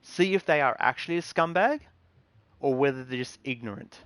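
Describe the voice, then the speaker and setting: Male streamer, mid-pitched, earnest and rambling, dry close sound. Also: expressive, normal speed, a bit bright, no room sound. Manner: rambling, earnest advice with many ums and restarts. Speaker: game streamer. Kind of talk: casual live-stream talk.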